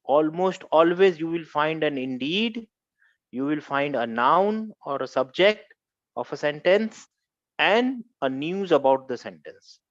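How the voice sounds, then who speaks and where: A man with a slightly high voice teaches a grammar class, going over each rule again and again and putting questions to his students. The recording is dull and lo-fi, with almost no room sound. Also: animated, unhurried, no echo. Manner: repetitive, quizzing students, explains step by step. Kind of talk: classroom lecture.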